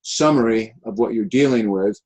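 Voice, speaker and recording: A man teaching on a video call, giving feedback in a halting way with many fillers and restarts. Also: on the low side, darkish tone, poor audio. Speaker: instructor. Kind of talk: online class feedback session.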